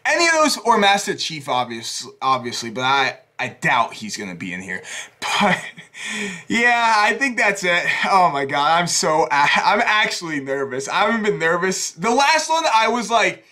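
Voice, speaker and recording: Bright, high-voiced hyped young man. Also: wildly swooping pitch, normal speed. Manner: hyped, nervous, rambling, swears a lot. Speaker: YouTuber reacting to a game trailer. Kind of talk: excited reaction video.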